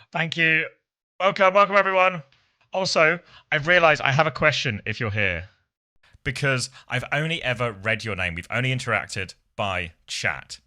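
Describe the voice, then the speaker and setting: A man's voice: mid-range voice, lively intonation, unhurried, pushed and bright. A middle-aged man, chatting playfully with his live-stream viewers and laughing often. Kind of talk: casual live-stream chat.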